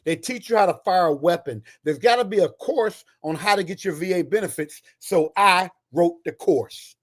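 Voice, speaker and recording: A man in his sixties, a retired soldier and author, telling stories with emphatic energy. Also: high voice. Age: 60s. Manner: emphatic, fast-talking storyteller. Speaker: guest, retired Army Ranger and author. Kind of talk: animated storytelling.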